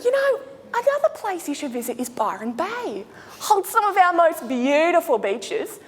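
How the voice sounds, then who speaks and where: A woman's voice: very high voice, normal speed, a little hiss or hum. A woman as a brash Aussie flight attendant. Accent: Australian. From Australia. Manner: broad slangy deadpan jokes, laughs between lines. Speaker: speech contestant. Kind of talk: comic after-dinner speech in character. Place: large hall. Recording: echoey hall.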